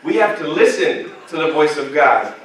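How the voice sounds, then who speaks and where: A man's voice: a little high, normal speed, a little hiss or hum. A man preaching a sermon as pastor, telling funny stories about himself and bantering with the congregation. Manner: animated, humorous storytelling with congregation banter. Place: church sanctuary. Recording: echoey church hall from a distant mic.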